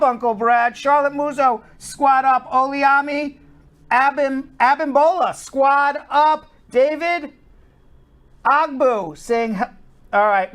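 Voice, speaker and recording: Woman co-host, fairly high voice, lively, reads out viewer names and explains legal answers. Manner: upbeat, calls out viewers' names, explains legal rules at length. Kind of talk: live-stream show, reading viewer names and answering questions.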